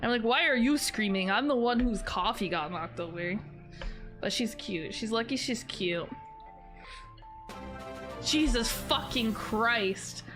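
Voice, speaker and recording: A young woman live-streaming, chatting casually to her viewers in a rambling way and breaking into high laughter. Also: normal speed, music in the background.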